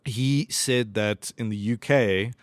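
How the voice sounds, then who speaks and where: A man in relaxed casual podcast chat, often chiming in with agreement. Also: medium pitch, slow pace, no room sound. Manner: relaxed, many agreeing yeahs. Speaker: podcast host.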